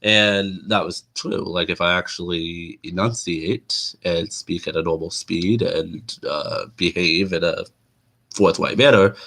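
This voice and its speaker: Deep-voiced nasal man, casual livestream host, loose and rambling. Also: fairly even intonation, measured pace, vocal fry, fairly bright tone. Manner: loose and chatty, many fillers and restarts.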